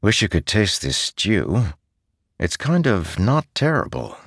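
Man doing a tired soldier in an audiobook, low and dry, understated, patient. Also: huge pitch swings, slow pace, a bit bright, husky, dry recording, exaggerated voice.

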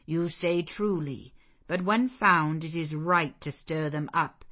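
A woman reading the part of a stern, zealous male missionary clergyman in a deep, relentless, commanding manner. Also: slow pace, sharp tone, full character voice. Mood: exhorting. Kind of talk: audiobook character voice.

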